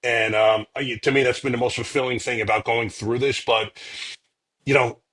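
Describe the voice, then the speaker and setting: Husky, earnest man hosting. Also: mid-range voice, steady tone, normal speed, fairly bright tone. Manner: earnest, encouraging. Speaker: podcast host. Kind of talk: podcast conversation.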